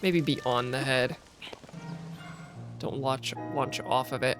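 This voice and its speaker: A man streaming a video game, thinking out loud in casual commentary and poking fun at himself. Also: medium pitch, steady tone. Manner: musing aloud, self-mocking, quick laughs. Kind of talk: casual let's-play commentary. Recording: faint game music behind.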